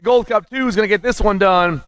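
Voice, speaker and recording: A man calling live races as the announcer, excited and punchy, rattling off names and nicknames. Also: sits high, a little fast, no echo. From USA. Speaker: race announcer. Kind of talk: live race commentary.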